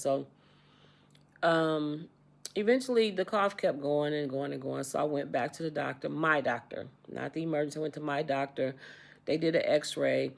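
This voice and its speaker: Gravelly-voiced woman in her sixties. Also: low voice. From United States. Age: 60s. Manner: repetitive, animated retelling with quoted dialogue. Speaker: vlogger. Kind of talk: casual storytelling.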